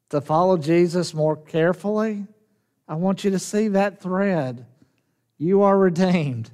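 A pastor preaches in a Southern US drawl, his male voice on the high side and a little mellow. He keeps it folksy and conversational, putting questions to the congregation, and the long reverb of a large hall trails his words.

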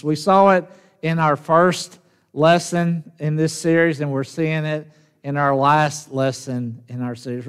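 A pastor with a clear, resonant voice on the high side preaches a sermon in a Southern US drawl. He's folksy and conversational, putting questions to the congregation, while a large hall's long reverb surrounds him.

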